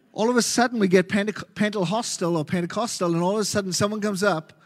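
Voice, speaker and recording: An Australian man preaching a sermon as pastor, animated and joking with his congregation. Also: high-pitched. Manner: animated, jokey preaching with quick asides. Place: large church hall. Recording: reverberant church hall.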